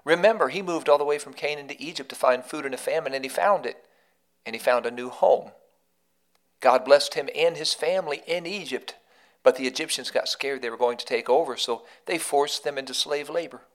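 A man's voice: fairly high pitch, a little fast. A man hosting a devotional podcast, telling a story in an earnest, emphatic way that leans on repetition. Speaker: podcast host and devotional speaker.

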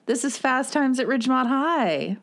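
A woman's voice: high-pitched, expressive, normal speed, a bit bright. A woman co-hosting a casual chat, making wry jokes. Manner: wry, joking.

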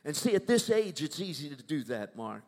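An older man with a drawl preaches in a church, his voice pitched a little high. He drops to quiet, intimate asides, then rises to loud proclaiming and keeps checking that the congregation is with him. Long reverb trails his words through the sanctuary. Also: sing-song, normal speed. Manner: swings from hushed asides to loud proclaiming, asks the crowd for agreement. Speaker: minister.

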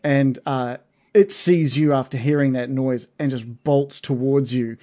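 A man's voice: medium pitch, fairly even intonation, unhurried, warm tone. A man narrating as game master of a tabletop game, hesitant, with many fillers and restarts.

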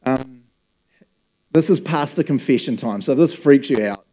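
Casual joking pastor. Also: male voice, medium pitch, moderate pace, pauses often. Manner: casual, joking, animated storytelling. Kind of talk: sermon.

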